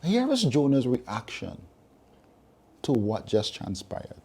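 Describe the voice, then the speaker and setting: Male preacher with a mellow, husky voice, emphatic, repeats points for weight. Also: medium pitch, huge pitch swings, slow pace. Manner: emphatic, repeats key phrases, reasons with listeners. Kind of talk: sermon.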